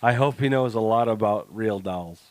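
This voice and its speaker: A man's voice: on the low side, normal speed, no room sound. A man co-hosting a casual podcast, joking around, laughing often and rambling with restarts. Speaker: podcast co-host.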